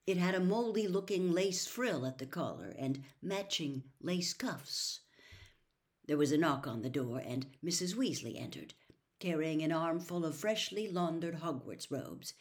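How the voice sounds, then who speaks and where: A woman reading a novel aloud as a storyteller in an expressive, lively way. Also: low-pitched, a little slow. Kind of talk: audiobook reading.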